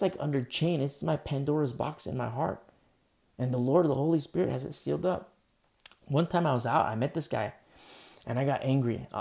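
Gravelly, mellow-voiced male pastor. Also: medium pitch. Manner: casual, rambling, many fillers and restarts. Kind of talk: conversational sermon.

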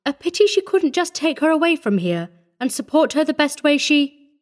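Woman reading as a gentle, sympathetic lady visitor. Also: high-pitched, sing-song, moderate pace, pitched above the performer's own voice. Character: kindly genteel woman visitor, gentle and curious. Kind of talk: audiobook character voice.

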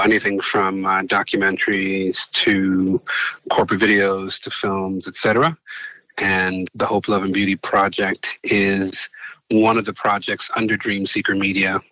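Brief: a man in his forties, born in Nigeria, halting radio guest, low bright voice. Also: no room sound, low-quality recording. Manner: halting, many restarts, laughs while telling stories. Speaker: filmmaker guest. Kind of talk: radio interview.

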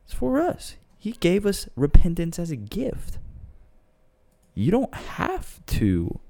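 A man's voice: high voice, wildly swooping pitch, takes it slowly, creaky, dark tone. A man co-hosting a faith podcast, reflecting thoughtfully on repentance. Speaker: podcast co-host. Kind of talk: casual faith discussion.

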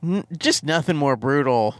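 A man's voice: fairly high pitch, lively intonation, normal speed, dry recording. A man chatting casually on a podcast about a movie, playful and profane, riffing into silly bits. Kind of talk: casual movie-review chat.

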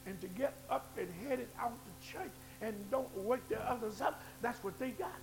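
A man preaching in church with a very high, gravelly voice. He drops into low asides, then builds to shouted, fervent climaxes. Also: normal speed, background noise. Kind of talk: sermon.

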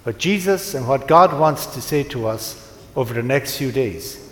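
Priest giving a homily in an echoey church. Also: male voice, medium pitch, animated. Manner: gentle storytelling, unhurried with pauses. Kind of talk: sermon. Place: large church.

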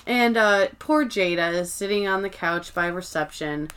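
A woman's voice: fairly low pitch, moderate pace, fairly bright tone, smooth. Woman cohost on a chatty podcast, recapping episodes, quoting lines, easygoing. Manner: recaps scenes, quotes lines, laughs along. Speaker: podcast co-host. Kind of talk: casual chat.

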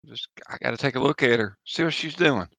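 Male player in a tabletop session; casual and joking, gravelly, bright, close dry sound. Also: mid-range voice, brisk, dry recording. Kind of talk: casual play chat.

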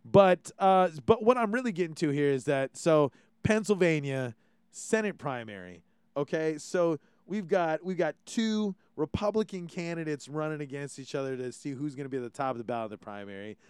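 A man's voice: on the high side, expressive, moderate pace, darkish tone, clear, resonant tone, dry recording. A man from Hawaii hosting a podcast, ranting casually and swearing freely as he acts out quotes. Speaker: podcast host. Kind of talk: casual opinion chat.

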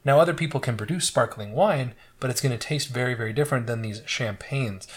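A man in an easygoing podcast chat walks his friends through a topic step by step. He talks in a steady, explanatory way and keeps the tone loose. His voice sits at a middling pitch. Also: brisk. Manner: explanatory, lecturing at length with easy laughs. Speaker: podcast co-host explaining wine. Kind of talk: casual chat.

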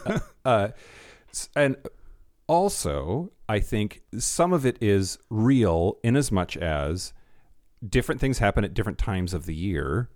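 A man's voice: lowish voice, very animated, a little slow, a little mellow, no echo, studio quality. A man co-hosting a podcast in casual chat, rambling and restarting his sentences, with wry jokes. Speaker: podcast co-host.

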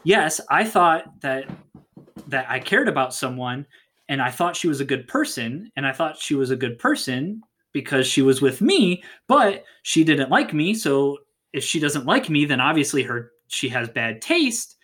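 Brief: narrator playing a nervous lovesick high-school boy, earnest and pleading, voice climbing high. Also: sing-song, a little slow, a bit bright.

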